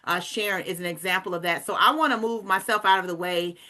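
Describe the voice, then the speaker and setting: A woman hosting a recruitment call, pitching with upbeat energy and calling her listeners "guys.". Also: quick pace, sharp tone. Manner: hyped, addresses listeners as guys.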